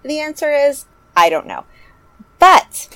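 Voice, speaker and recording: A woman hosting a casual podcast chat, animated and joking as she urges listeners to act. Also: high voice, slow, dry recording. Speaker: podcast host.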